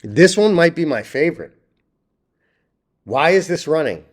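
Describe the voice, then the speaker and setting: A man's voice: a little high, big pitch swings, unhurried. A young man hosting his own stock video, talking bluntly and swearing, rambling through charts with many restarts. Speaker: stock market video host. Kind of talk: ranting stock chart commentary.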